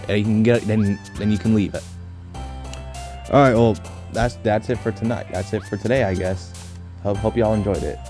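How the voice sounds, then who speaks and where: A man casually commenting as he plays through a story game, excitable and quick to laugh. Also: lowish voice, faint music behind. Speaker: let's play host.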